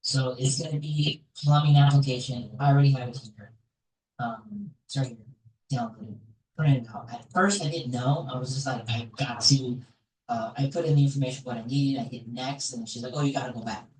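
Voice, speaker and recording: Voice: mid-range voice, steady tone, normal speed, darkish tone, slight background noise. A vlogger talking casually while walking through a website on screen, rambling and tossing in "like" and "right?" a lot. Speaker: real estate investor vlogger. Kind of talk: casual screen walkthrough vlog. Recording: echoey room, voice far from mic.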